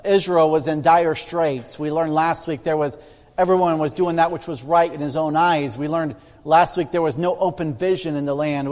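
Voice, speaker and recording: A man's voice: fairly high pitch, darkish tone. A middle-aged man preaching a sermon, telling stories and acting out the voices of the people in them. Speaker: pastor. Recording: long hall reverb.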